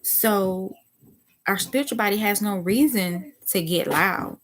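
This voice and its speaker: A soft-spoken woman, a teacher, gives a reflective spiritual talk at a measured pace in a mid-range voice. She thinks aloud, restarting her sentences, then breaks into sudden excited exclamations. There's a faint hiss or hum in the audio.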